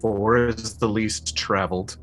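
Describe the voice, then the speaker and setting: A man's voice: fairly low pitch, steady tone, unhurried, a bit bright, soft background music. Chatty man playing a tabletop game. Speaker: player. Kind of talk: casual tabletop play.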